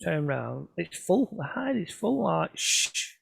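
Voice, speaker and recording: A man's voice: fairly high pitch, big pitch swings, measured pace, vocal fry, a little mellow, husky, dry recording. A man telling chatty, self-mocking photography stories to a club over a video call. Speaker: photographer giving a club talk. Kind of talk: casual anecdotal presentation.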